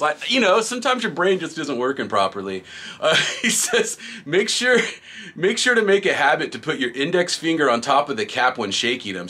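A middle-aged man with a fairly high, sharp-toned voice hosts a graffiti supply channel, reviewing products and running the shop. He reads viewer comments in a laid-back, rambling way and laughs often.

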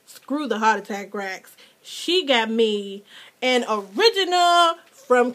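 Excitable woman vlogger at home, a little high-pitched, unhurried, gushes and squeals over gifts. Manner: gushing, excitable, jumps to squeals when thrilled. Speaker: mother and hobby vlogger. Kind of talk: casual unboxing vlog. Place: home with children nearby.

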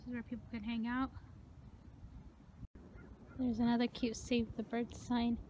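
A young woman vlogging casually, rambling in a self-conscious way and often dropping to a hushed voice, filmed on a handheld phone out at a beach, in a car and at a gym. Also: a little high, level tone, unhurried, a little hiss or hum, low-quality recording. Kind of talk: casual vlog chat.

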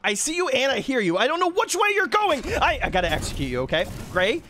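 Gaming streamer, young man, high and very animated voice, loud and excitable, slight background hiss. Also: fast. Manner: loud, excitable, trash-talking, laughs and yells often. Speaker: gaming YouTuber. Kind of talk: energetic gameplay commentary.

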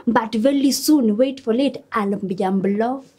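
A woman's voice: on the high side, measured pace, dark tone. A woman with a Kenyan accent playing a boastful, defensive young female student who sings. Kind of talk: web series acting.

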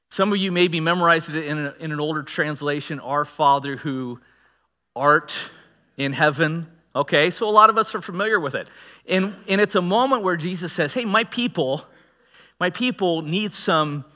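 A male pastor preaching a sermon in a conversational, animated way, leaning hard on key words and tossing in asides to the congregation. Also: fairly high pitch, in a large hall. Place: church auditorium.

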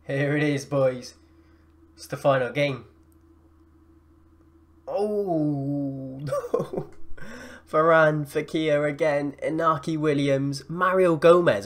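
A young man giving excitable live commentary over his own football video game matches, gasping and shouting at the plays. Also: medium pitch. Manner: excitable, yells and gasps at plays. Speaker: gaming YouTuber.

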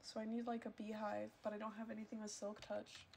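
A woman's voice: mid-range voice, monotone, fairly quick, vocal fry, background noise. A woman streaming a video game, chatting casually to her viewers in a rambling way with lots of filler words. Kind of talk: casual gameplay streaming chat.

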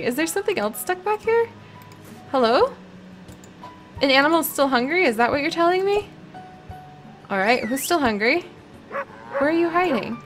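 A young woman with a fairly high voice talks through her farming game in a chatty, bubbly way and coos at the little animals. Soft music plays faintly behind her. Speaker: gameplay vlogger. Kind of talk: casual gameplay commentary.

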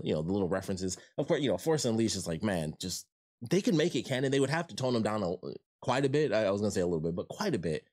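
A man chats through a show review at a quick clip, excited and rambling. His voice sits on the low side, and he keeps restarting with fillers as he thinks aloud. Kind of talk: casual review chat.

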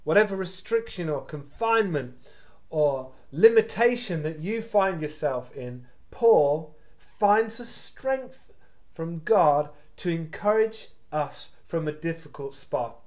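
Male pastor, high-pitched and unhurried, devotional preaching that pleads and repeats. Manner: passionate, urgent preaching with repetitions. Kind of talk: devotional sermon.

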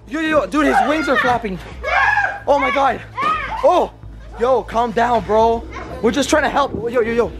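Frantic young man shouting dude and yo. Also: very high voice, normal speed, long pauses, a loud crowd. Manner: frantic, repeats words, says dude and yo. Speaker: vlogger. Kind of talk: excited casual vlog chatter. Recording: music playing under voice.

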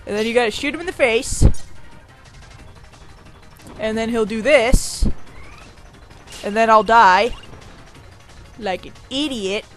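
A let's play commentator giving casual, rambling gameplay talk, excitable and quick to whine or shriek at setbacks. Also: medium pitch, soft background music.

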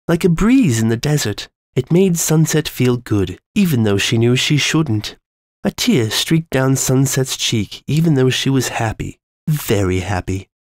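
A man giving a measured, ominous reading of a dark story to his listeners. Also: mid-range voice, no echo, clean studio sound. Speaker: story reader.

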